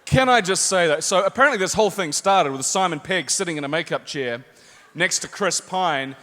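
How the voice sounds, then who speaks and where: This guest actor from New Zealand has a high voice and talks a little fast as he shares anecdotes with a live convention audience, performing the voices in them. A faint crowd and echo can be heard in the large hall.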